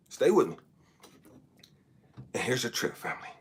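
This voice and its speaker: Man from california, lively pitch, bright tense husky voice, motivational storytelling, often asks if you follow. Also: a little slow, long pauses, slight background noise. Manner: swings between loud, emphatic outbursts and hushed asides; often asks "you know what I mean?". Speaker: life coach.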